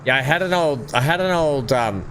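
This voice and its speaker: A man's voice: on the high side, animated, brisk, a bit bright, a little hiss or hum. A middle-aged man giving casual, rambling commentary while playing a farming game, chatting with viewers and laughing at his own jokes. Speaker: gameplay streamer.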